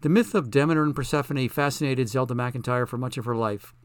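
A male audiobook narrator with a mid-range voice and a measured, plain delivery. The recording is dry and close, with no room sound. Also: medium pitch, no echo. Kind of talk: scripted narration.

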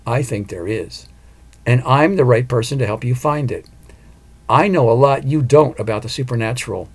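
A man voicing a calm, cunning female psychic who talks patiently and persuasively, in an audiobook. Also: mid-range voice, normal speed, breathy edge.

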